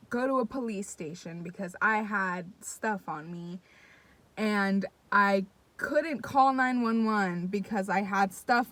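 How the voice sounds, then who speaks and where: A young woman telling a story to her viewers in casual, excitable, profane chat, talking straight to the audience. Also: mid-range voice, no echo. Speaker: vlogger.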